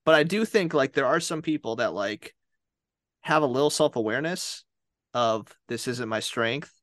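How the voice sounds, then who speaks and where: A man's voice: medium pitch, lively intonation, normal speed, a bit bright, dry recording. A chatty man co-hosts a casual podcast, laughing easily and slipping into quoted voices. His voice sits in a middle register. The sound is dry and close, with no room around it. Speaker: podcast co-host. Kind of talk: casual chat.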